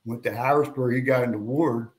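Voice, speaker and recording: A man's voice: medium pitch, a little fast. An older man from Pennsylvania recounts stories as a podcast guest. His mid-range voice lifts sharply when he acts out other people's lines. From Pennsylvania, USA. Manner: animated anecdotes with raised voices for quoted people. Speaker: guest, veteran and retired police officer. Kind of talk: storytelling in a podcast interview.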